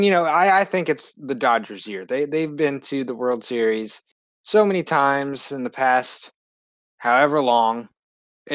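An easygoing man co-hosting a casual chat podcast, speaking at a middle pitch. He hedges his points and leans on fillers. The mic sound is dry and close, with no room around it. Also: a bit bright, no echo. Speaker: podcast co-host.

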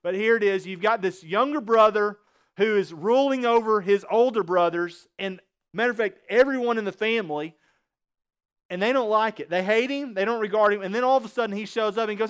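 A man preaching a sermon, often pausing to ask his listeners questions and then answer them himself. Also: high voice, fairly bright tone, clean tone. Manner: asks the congregation rhetorical questions.

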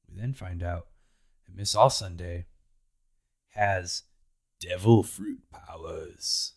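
A man casually retelling anime episodes as a podcast host, laid-back and playful. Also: low-pitched. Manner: slow, laid-back retelling with playful put-on character voices. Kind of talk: casual recap chat.

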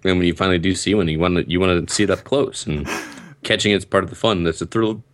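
A man's voice: low-pitched, steady tone, fast. A man in easygoing casual chat, explaining things at length.

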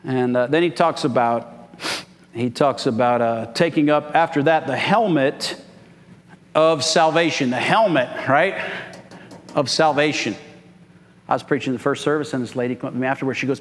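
A man's voice: mid-range voice, normal speed, in a large hall. A man pastor preaching a sermon, calling out for "Amen" from the congregation. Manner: call-and-response preaching, frequent "Amen?". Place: church sanctuary.

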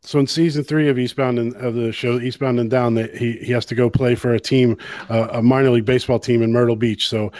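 A man hosting a podcast at a mid pitch, laughing often and stumbling through restarts. His voice sounds dry and close, with no room around it. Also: steady tone, quick pace, a little mellow, no room sound. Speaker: podcast host. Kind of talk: casual chat.

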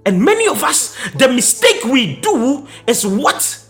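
A man preaching a sermon with impassioned, sing-song delivery, often rising to a shout. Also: very high voice, very animated, a little slow, faint music behind.

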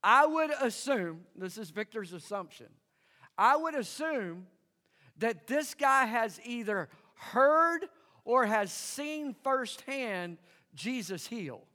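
A pastor preaches an emphatic sermon, calling out for his congregation to answer back in call-and-response. His voice is extremely high-pitched, pushed and bright, with lively intonation and a slow delivery, and a long hall reverb surrounds it.

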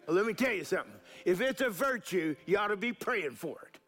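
A man's voice: high voice, sing-song, fast talker, hardly any pauses, a bit bright, faint music behind. A middle-aged male pastor, preaching a sermon and leading the congregation in call-and-response. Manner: call-and-response preaching, varying pace and emphasis.

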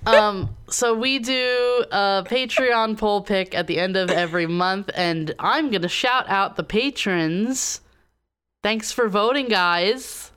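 A woman co-hosts a podcast with relaxed, laid-back banter. Her voice sits at a middle pitch, and she keeps a casual, easy tone. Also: takes it slowly, clear, resonant tone. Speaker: podcast co-host. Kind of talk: casual chat.

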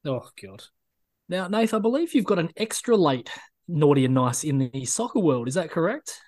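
A man's voice: on the high side, sing-song, moderate pace, a little mellow. A man co-hosting a casual sports podcast, blunt and opinionated, often repeating words as he starts. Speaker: podcast co-host.

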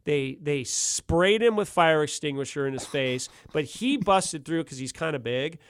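A middle-aged man tells a rowdy story in loose, slangy talk, laughing as he goes. His pitch sits a touch high and swings widely as he gets into it. The sound is close and dry, with no room around it. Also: measured pace, smooth, dry recording. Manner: laughs often, animated, slangy ("dude", "gnarly"). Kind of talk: casual storytelling.

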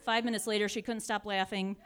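A woman in her forties telling a funny personal story in a casual, animated way, often laughing and acting out the people in it. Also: medium pitch, fast talker, noisy background.

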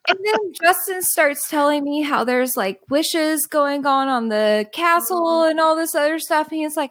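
A young adult woman on a podcast, telling a story in an animated, exasperated way and swearing freely. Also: high-pitched, moderate pace. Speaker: guest podcaster. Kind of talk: casual storytelling.

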